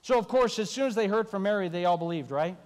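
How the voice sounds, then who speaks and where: High-voiced male pastor in an echoing hall. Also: expressive, quick pace. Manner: storytelling with wry asides. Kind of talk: sermon.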